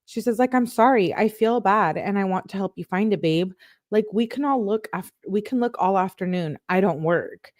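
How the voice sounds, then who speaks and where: A woman reading text messages aloud as a true crime YouTuber, quickly, with sarcastic asides. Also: mid-range voice, lively intonation, darkish tone, no room sound, clean studio sound. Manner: quick, sarcastic asides between read-out texts.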